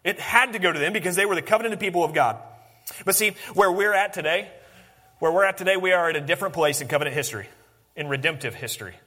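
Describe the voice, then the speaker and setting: A man preaching a sermon, swinging from animated emphasis to hushed, intense lines. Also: high-pitched, fast talker, in a large hall. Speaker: pastor.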